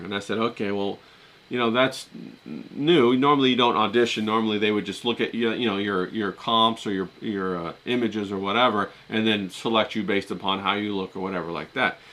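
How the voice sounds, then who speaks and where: Chatty middle-aged male vlogger with a lowish, punchy voice. He rambles through a story with plenty of filler words. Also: steady tone, brisk, pushed and bright. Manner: chatty, with many fillers and restarts. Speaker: vlogger talking to his live chat.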